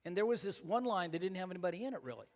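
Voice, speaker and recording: Older male pastor, slightly high voice, humorous self-mocking sermon delivery to a church. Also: big pitch swings, racing, a little mellow, long reverb tail, slight background noise. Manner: joking, self-deprecating storyteller.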